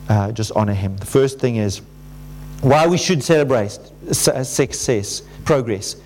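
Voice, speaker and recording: A male pastor preaching a conversational sermon, animated and full of restarts, acting out the voices people use with themselves. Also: mid-range voice, slight background noise. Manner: animated, acts out quoted inner voices. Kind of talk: sermon to a congregation.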